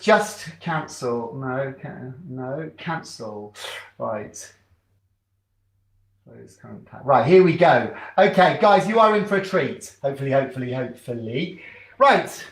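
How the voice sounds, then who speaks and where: A man's voice: a little high, fairly bright tone. Chatty man leading drama club games. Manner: chatty, encouraging, fumbling with setup. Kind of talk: leading a charades game over video call. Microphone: video call.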